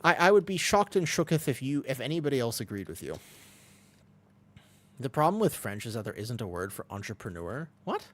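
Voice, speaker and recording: A man's voice: medium pitch, sing-song, fairly quick, fairly bright tone. A young man streaming a game, chatting casually and rambling as he answers chat between callouts. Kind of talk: casual chat while gaming.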